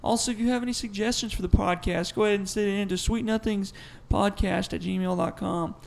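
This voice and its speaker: A man's voice: sits high, steady tone, brisk. A young man co-hosting a podcast, riffing in crude casual banter, swearing freely. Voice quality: gravelly, swears a lot, jumps into silly voices. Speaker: podcast co-host.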